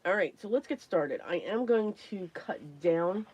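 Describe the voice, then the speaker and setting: A woman hosting a casual crafting livestream, chatty and greeting viewers by name, her voice hoarse and worn from talking, often clearing her throat. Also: mid-range voice, expressive, a little slow, darkish tone, no room sound. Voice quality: frequent throat clearing and coughs.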